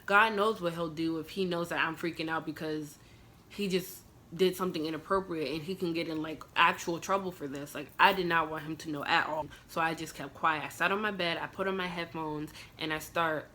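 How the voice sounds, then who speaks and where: A woman's voice: low-pitched, steady tone, fairly quick, pushed and bright. A young woman vlogger telling a personal storytime in an emotional, casual way, full of "like" fillers. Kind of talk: storytime vlog.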